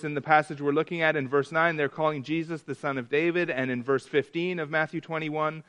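A man with a slightly high, fairly bright voice leads an interactive Bible class as its teacher. He reads scripture aloud, puts questions to the group, and often restarts his sentences.

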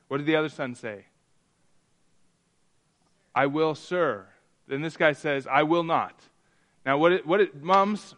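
A man's voice: fairly high pitch, fairly bright tone. A man preaching a sermon in a church, chatting with the congregation, asking them questions and often restarting his sentences. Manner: conversational, asks the congregation questions; many restarts and repetitions. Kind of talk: interactive sermon.

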